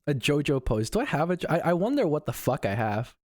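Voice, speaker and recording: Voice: mid-range voice, very animated, fast talker, dry recording, studio quality. A VTuber streamer chatting casually on a live stream, laughing a lot and swearing often. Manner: giggly, swears often, reacts out loud.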